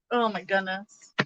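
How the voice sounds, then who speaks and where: A young woman reads tarot in a casual, chatty way, laughing easily as she speaks straight to her viewers. Her voice is bright and forward, recorded close and dry with almost no room sound. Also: mid-range voice, no echo, dull audio. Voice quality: chatty, giggly, talks to her viewers directly. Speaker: tarot reader. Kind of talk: casual live tarot reading.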